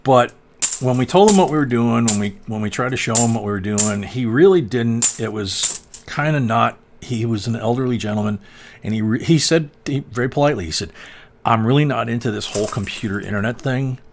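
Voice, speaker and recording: A man in his sixties hosting a casual coin-searching livestream, rambling with lots of "um"s and soft chuckles. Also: medium pitch, expressive, fairly quick, slight background noise. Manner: rambling, chuckling, many fillers. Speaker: coin channel host.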